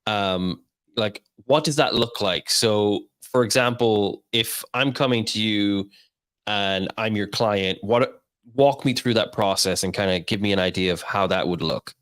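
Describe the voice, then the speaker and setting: A man's voice: fairly low pitch, a little slow, fairly bright tone, smooth, no echo, clean studio sound. A man hosting a casual interview, rambling with many fillers and short laughs as he talks. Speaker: interview host.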